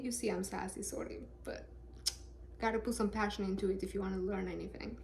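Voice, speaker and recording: A woman's voice: mid-range voice, steady tone, quick pace, gravelly, darkish tone. A woman reading scripture aloud with casual, sarcastic, joking commentary. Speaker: Bible reader and commentator.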